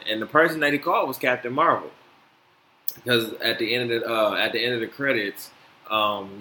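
Bright-voiced man ranting on his podcast. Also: medium pitch. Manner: animated, swears freely, many fillers. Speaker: podcast host. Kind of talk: casual solo podcast chat. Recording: echoey room, faint noise.

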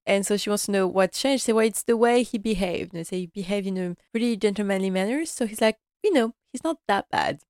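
A woman's voice: medium pitch, brisk, hardly any pauses, darkish tone, no echo, clean studio sound. A woman chatting casually through an episode recap, laughing often and acting out the characters' lines. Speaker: series recap vlogger.

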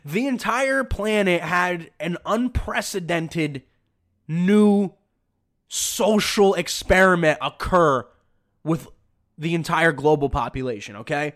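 A man's voice: high voice, a bit bright. A man hosting a podcast, delivering emphatic, sarcastic opinion commentary. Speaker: podcast host.

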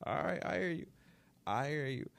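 A man's voice: fairly high pitch, animated, moderate pace, creaky, fairly bright tone, no echo. A man hosting a basketball talk show, ranting emphatically and repeating lines for effect, recorded close in a small room. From New York. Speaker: sports talk show host. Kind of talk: animated basketball commentary.

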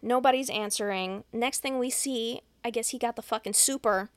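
A woman hosting a podcast, retelling a movie's plot in casual, profane, deadpan chat. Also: on the high side, moderate pace, clear, resonant tone, no echo. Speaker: podcast host.

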